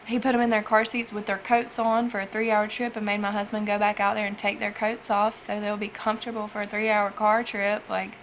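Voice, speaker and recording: Halting, gravelly-voiced young woman vlogging. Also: mid-range voice, little pitch movement, a bit bright, slight background noise, low-quality recording. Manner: tearful, halting, trails off with sighs. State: emotional after crying. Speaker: foster parent vlogger. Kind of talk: emotional personal vlog.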